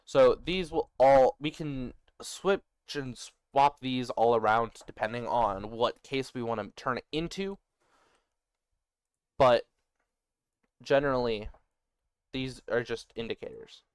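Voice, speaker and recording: A man building a made-up language, thinking aloud as he works and reading notes aloud in quick bursts, muttering and poking fun at himself. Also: mid-range voice, clear, resonant tone, no room sound, clean studio sound. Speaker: worldbuilder designing a conlang. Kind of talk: thinking aloud while working on screen.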